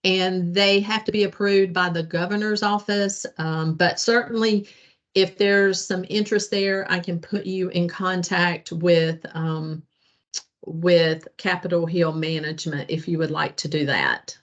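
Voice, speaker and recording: A woman at a meeting who answers a question slowly and helpfully, hesitating as she goes. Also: fairly low pitch, fairly even intonation. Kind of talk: casual meeting talk. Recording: dull lo-fi meeting recording.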